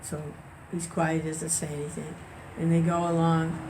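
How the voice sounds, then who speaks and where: Low-voiced woman giving a spiritual talk. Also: little pitch movement, normal speed, background noise. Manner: conversational, restarts, chuckles. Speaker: devotional discussion leader. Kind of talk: informal spiritual talk with storytelling.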